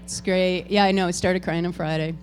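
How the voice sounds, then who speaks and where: A woman's voice: fairly low pitch, steady tone, fairly quick. A woman serving as board president, hosting a farewell tribute and talking to the congregation in a chatty, informal way. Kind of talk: ceremony address to a congregation. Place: church hall with an audience.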